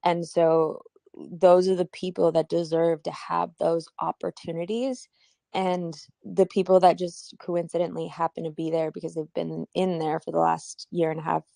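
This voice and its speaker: A woman on a livestream, speaking in a measured, deliberate way as a team member of a crypto community. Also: deep voice, gravelly, a little mellow, no echo. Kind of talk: livestream discussion.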